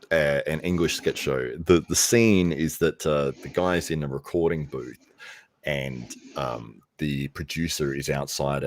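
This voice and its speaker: An Australian man hosting a livestream in casual chat, laughing often and acting out voices as he tells stories. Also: rumbling low. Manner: chatty, laughs often, acts out voices in anecdotes. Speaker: livestream host.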